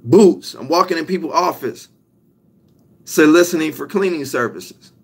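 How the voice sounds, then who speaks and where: Man, young adult, motivational talk, emphatic, repeats himself, voice sits a bit high. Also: animated, gravelly, breathy edge. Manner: emphatic, repetitive, drawn-out punch lines. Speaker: motivational speaker.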